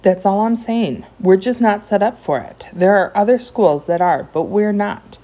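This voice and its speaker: A woman reading aloud voices an indignant, sharp-tongued mother, raising her voice with heat. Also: medium pitch, normal speed, pitched above the performer's own voice, lightly acted. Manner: raised, heated delivery.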